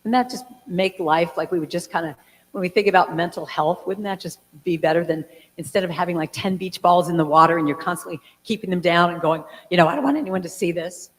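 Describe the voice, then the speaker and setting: A Californian woman in her sixties, a guest speaker and singer, talks casually to a congregation in a large church hall, her lowish voice moving at a quick pace. She tells stories in a chatty way, full of fillers and acted-out quotes, and the hall is reverberant.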